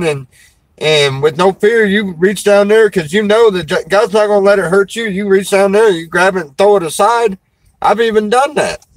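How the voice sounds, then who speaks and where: A man's voice: high-pitched, no room sound, low-quality recording. A man, a preacher and show host, chatting casually in a folksy, rambling way and laughing often. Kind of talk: casual chat.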